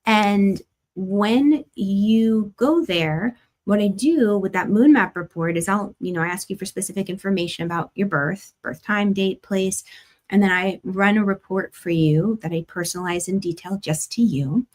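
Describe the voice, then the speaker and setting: A woman hosting an astrology forecast, talking in a chatty, gentle way with lots of "like" fillers and the odd light laugh. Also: medium pitch, normal speed. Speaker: astrologer host. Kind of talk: casual spiritual forecast talk.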